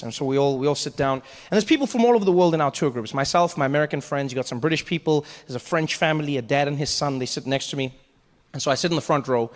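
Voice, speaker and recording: A male stand-up comedian telling a story on stage, animated and self-mocking, acting out every character. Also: a little high, big-room sound.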